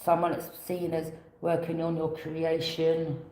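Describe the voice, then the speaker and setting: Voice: mid-range voice, completely flat delivery, unhurried, a little mellow, roomy sound, a little hiss or hum, poor audio. A tarot reader giving a casual reading, rambling, repeating phrases and offering loose alternatives.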